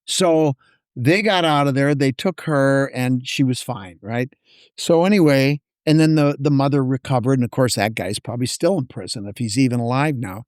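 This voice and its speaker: A man's voice: medium pitch, normal speed, dry recording, studio quality. A man, a podcast guest, telling a long story in casual chat and acting out the dialogue as he goes. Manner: animated storyteller, acts out dialogue.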